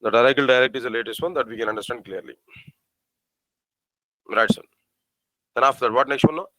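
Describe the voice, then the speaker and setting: A man at a middle pitch teaches a live coding lesson, asking his class rhetorical questions and repeating his phrases. He spells out code slowly, one part at a time. The recording is dry and close. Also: bright, forceful tone, dry recording, low-quality recording. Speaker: programming teacher.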